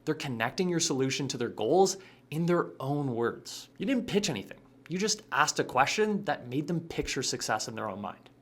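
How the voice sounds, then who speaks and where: A man's voice: a little high, very animated, moderate pace, a bit bright. A man giving scripted sales coaching narration with a punchy, emphatic delivery. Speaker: sales trainer.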